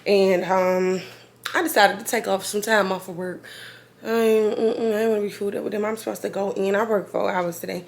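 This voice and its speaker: A woman, chatting casually to camera as a vlogger in a rambling way full of slang, her voice a little hoarse. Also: mid-range voice, fairly even intonation, brisk. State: slightly hoarse after being sick.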